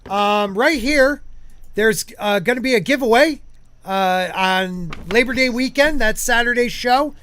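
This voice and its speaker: A man's voice: extremely high pitch, a little slow, fairly bright tone. A man hosting a casual live-stream podcast, rambling with many fillers and restarts while reading out chat comments. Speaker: podcast host.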